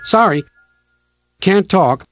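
A man's voice: sits high, expressive, takes it slowly, over loud music, pitched above the performer's own voice. A man voicing a proud, impatient young male tank engine in a storybook reading. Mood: huffy. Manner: boastful, impatient.

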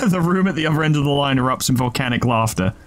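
A man's voice: medium pitch, lively intonation, fast talker, a crowd in the background. A man hosting a let's play, joking and laughing often as he reads the game text aloud. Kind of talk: gameplay commentary and reading game text aloud. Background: game music.

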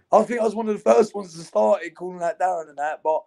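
A man's voice: high-pitched, fast talker, gravelly, mellow. A young man, talking in loose, rambling, laddish banter in an interview. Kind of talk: casual chat.

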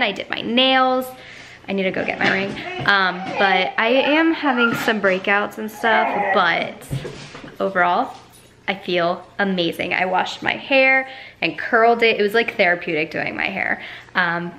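A woman's voice: pushed and bright, slight background noise. A young woman in her twenties chatting casually in an upbeat vlog at home, filming herself on a handheld camera. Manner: chatty and upbeat, high sing-song voice for her dogs. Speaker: vlogger. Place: home, indoors.

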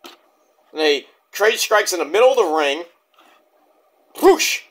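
An excitable man rambles through a casual review monologue and swears freely. His voice is high and bright. Its pitch swings around constantly. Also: normal speed. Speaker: wrestling show reviewer.

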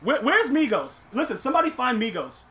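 A young man streaming a football video game, complaining to himself and his chat and shouting in disbelief at bad plays. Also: very high voice, wildly swooping pitch, a little fast. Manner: exasperated, talks to himself and chat. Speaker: gaming streamer. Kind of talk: live gameplay commentary.

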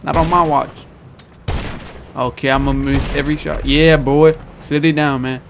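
A young gaming YouTuber commentates his own gameplay in a fairly high, creaky, level voice at an unhurried pace. He trash-talks opponents with the same taunts over and over, while game gunfire and explosions make the recording noisy.

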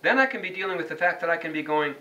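A man's voice: a little high, animated, rapid-fire, sharp tone, dull audio. A man teaching a class how to read chant notes, quizzing students by name and singing short examples. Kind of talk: classroom lesson. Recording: distant mic, faint background noise.

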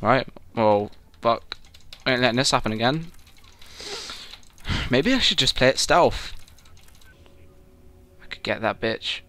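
Young guy gaming, cursing a lot, bright edgy voice, slow drawl but big swings in pitch. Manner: excitable, yelling and swearing at the game. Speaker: gamer. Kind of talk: let's play commentary.

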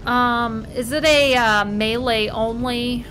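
Slow-talking, swearing woman gamer. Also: a little high, fairly even intonation, music in the background. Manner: profane, jumpy outbursts and wry asides. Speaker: gamer playing a horror game. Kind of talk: casual let's-play commentary.

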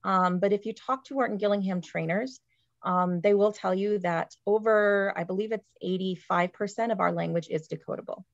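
A woman's voice: medium pitch, moderate pace, dry recording. A woman teacher giving a webinar presentation over a video call, explaining points and checking in with "right?". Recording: dry, dull lo-fi call audio.

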